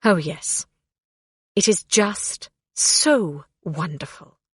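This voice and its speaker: A woman's voice: lowish voice, lively intonation, extremely slow, fairly bright tone, breathy edge, dry recording, clean studio sound, heavily acted. A woman reading an audiobook, voicing a proud, bitter female fairy ruler who speaks in a commanding, impatient way.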